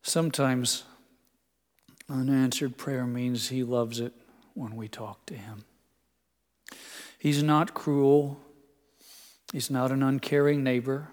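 An older man preaching a sermon, telling stories full of quotes and dropping his voice soft for emphasis. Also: mid-range voice. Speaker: pastor. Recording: long hall reverb.

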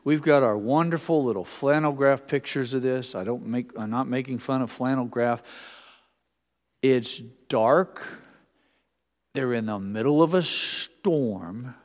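A man's voice: medium pitch, unhurried, in a large hall. A man preaching a sermon as pastor, talking in a conversational way with restarts and repeated words.

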